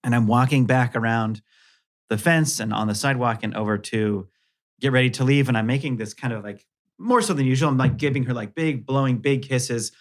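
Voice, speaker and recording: A man in his thirties, a guest podcast co-host, telling a self-deprecating story in a casual, animated way. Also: mid-range voice, fairly quick.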